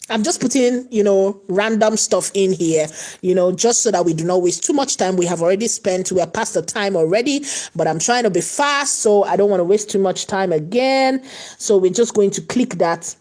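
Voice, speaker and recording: Woman, live tutorial host, chatty, repetitive, filler words, mid pitch. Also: animated, moderate pace, a little mellow. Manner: chatty, repeats herself, fillers like "you know". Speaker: tutor hosting a live class.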